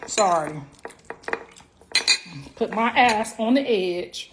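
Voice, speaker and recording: Loud, laughing woman chatting on a livestream. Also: a little high, a little slow, background noise. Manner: loud, laughing, slangy storytelling. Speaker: livestream host. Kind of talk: casual live-stream chat.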